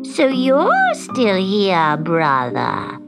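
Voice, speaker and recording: Brief: woman doing loyal storybook cat, fussy and adoring, high and slow; music behind. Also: huge pitch swings, creaky, exaggerated voice. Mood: doting. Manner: high, drawn-out, doting. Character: fussing, devoted witch's cat.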